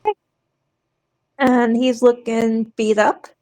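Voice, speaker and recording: Unhurried woman calling turns. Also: fairly high pitch, fairly even intonation, darkish tone. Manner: brisk, matter-of-fact turn calling. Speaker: dungeon master. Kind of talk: running a tabletop game.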